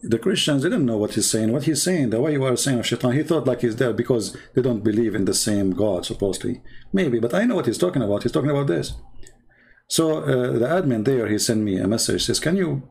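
A man speaking imperfect English in a sarcastic, animated commentary monologue as a religious debater. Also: medium pitch, fast talker, gravelly, husky. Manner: non-native English with slips.

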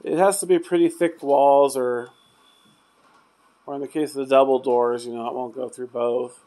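A man's voice: medium pitch, steady tone, normal speed. Male paranormal investigator, loose chatty delivery, old hotel room at night. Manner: rambling, trails off quietly. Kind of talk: casual chat during ghost hunt.

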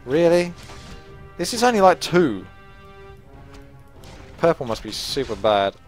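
Male gaming host, relaxed play-by-play narration with a joking edge, soft background music. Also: mid-range voice, unhurried. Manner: chatty, self-mocking, talks to teammates. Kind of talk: live gameplay commentary.

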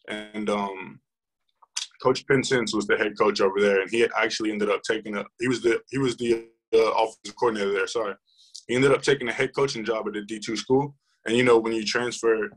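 A man's voice: on the low side, a bit bright, low-quality recording. A young man, a football player, telling his story in a casual interview, rambling with many fillers and restarts.

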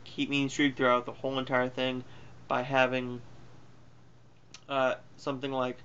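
A man's voice: mid-range voice, monotone, normal speed, a bit bright, clean tone, lo-fi sound. A man giving a casual spoken movie review in a rambling, offhand way, full of fillers and self-corrections. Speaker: film reviewer.

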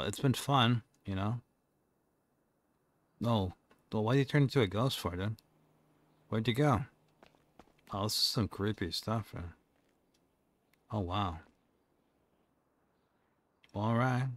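A young man in character as a police officer during game role-play, speaking in a calm, coaxing tone. His voice sits a bit on the low side. He keeps up a dry, joking patter. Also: slow pace, long pauses, no room sound.

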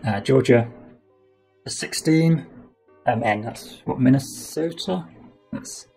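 A man's voice: medium pitch, takes it slowly, gravelly, a little mellow, soft background music, poor audio. A British man streaming a board game playthrough, explaining rules step by step as he thinks aloud.

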